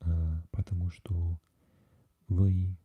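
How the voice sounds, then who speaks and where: A Welsh man hosting a whispered ASMR live chat, talking softly and haltingly with lots of fillers as he answers viewers. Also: deep voice, flat delivery, slightly rough, phone-quality sound. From Wales. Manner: soft and halting, with many fillers, chatting with viewers. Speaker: ASMR livestream host.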